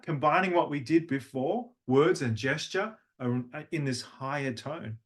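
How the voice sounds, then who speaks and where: A man's voice: a little high, a little slow, few pauses. A man working as a voice coach, leading a live workshop and patiently talking participants through vocal exercises. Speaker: language and voice coach.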